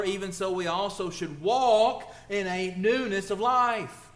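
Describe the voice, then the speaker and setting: A man's voice: high-pitched, fairly bright tone, echoey room. A male preacher delivering a conversational sermon, asking rhetorical questions and building emphasis. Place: church.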